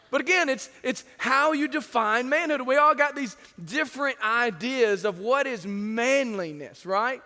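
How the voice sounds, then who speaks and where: A male pastor with a high, bright voice delivers a sermon full of anecdotes in a church sanctuary, recorded with long church reverb. He speaks unhurriedly with hardly any pauses, telling stories in a lively way and acting out quoted voices.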